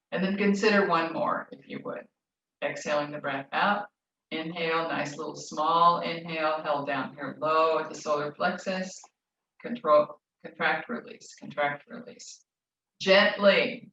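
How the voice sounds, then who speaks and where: A woman leading a yoga class, giving gentle, soothing instructions. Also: low-pitched, fairly even intonation, a little slow, a little hiss or hum. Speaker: yoga teacher. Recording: roomy, distant, dull lo-fi.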